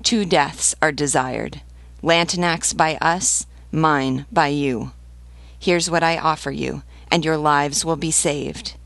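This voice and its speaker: A woman's voice: sits low, steady tone, slow, vocal fry, fairly bright tone, no echo, exaggerated voice. A woman reading as a grave, pleading revolutionary priest. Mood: solemn. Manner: solemn, earnest pleading.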